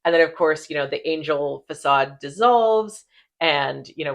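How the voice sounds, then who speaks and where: A woman hosting a casual recap chat, animated and profane, laughing often. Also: sits low, normal speed, vocal fry. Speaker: podcast host.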